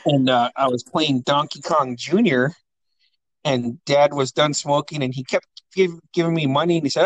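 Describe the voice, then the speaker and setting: A man's voice: fairly high pitch, fairly even intonation, normal speed, dry recording. Laughing man telling family stories. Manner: laughing often, swearing, acting out quoted voices. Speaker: podcast host. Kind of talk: casual family storytelling.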